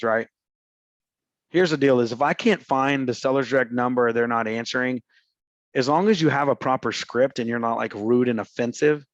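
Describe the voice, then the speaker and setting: A man's voice: medium pitch, no room sound. Slangy man, coaching casually. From Houston, Texas. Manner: slangy and conversational, acts out phone calls. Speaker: real estate coach. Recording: slightly muffled dry recording.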